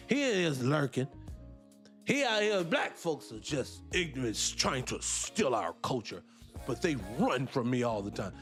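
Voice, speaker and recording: A middle-aged man from the United States hosting a casual livestream, talking emphatically and firing off rhetorical questions. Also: sits high. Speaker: livestream host.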